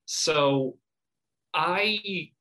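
A man's voice: fairly high pitch, very slow, bright, forceful tone, low-quality recording. A man speaking as a sports reporter and co-host on a casual podcast, giving thoughtful analysis with a light touch of humor.

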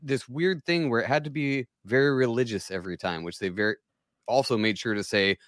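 A man's voice: medium pitch, a little fast, a bit bright, dry recording, studio quality. A man co-hosting a podcast in casual chat, blunt and sarcastic, swearing freely. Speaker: podcast co-host.

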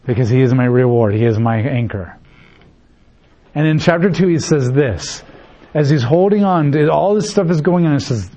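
A man's voice: on the high side, mellow. Emphatic preacher man, lo-fi recording. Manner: emphatic preaching with repeated phrases and acted-out dialogue. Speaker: pastor. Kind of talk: sermon.

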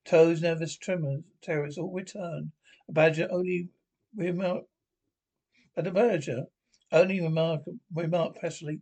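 A man's voice: fairly high pitch, fairly even intonation, measured pace, a little mellow, low-quality recording. A man reading a classic children's story aloud, with frequent slips and restarts. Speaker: reader.

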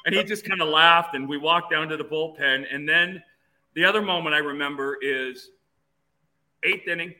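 Being interviewed, a former player in his fifties from Phoenix, USA, recounts stories animatedly, frequently starting over mid-thought. His voice is tense and on the high side, he talks at a normal speed, and the recording is rough.

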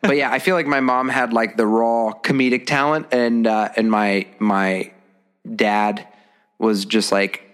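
A man's voice: mid-range voice, steady tone, measured pace, fairly bright tone, clear, resonant tone. A man in casual podcast chat, rambling and hesitant, with a lot of fillers as he talks.

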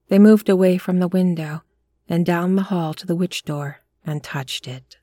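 A woman reading a short story aloud as narrator, in a measured, hushed storytelling manner. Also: on the low side, steady tone, dry recording, studio quality. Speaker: audiobook narrator.

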